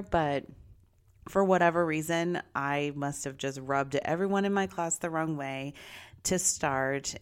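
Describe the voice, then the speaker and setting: A middle-aged woman candidly telling a personal story in a bubbly, confiding way. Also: deep voice. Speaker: vlogger.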